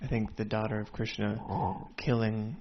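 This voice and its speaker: A man hesitantly telling a story in a group discussion, with many pauses and "um"s. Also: fairly low pitch, little pitch movement. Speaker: forum participant. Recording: dull lo-fi with faint hiss.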